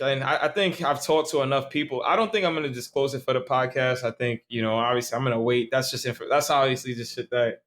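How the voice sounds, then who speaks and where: A man's voice: mid-range voice, steady tone, quick pace, hardly any pauses, a bit bright. A tipsy young man from Staten Island, co-hosting a podcast in loose, rambling casual chat full of slang and swearing. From Staten Island, New York. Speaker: podcast co-host.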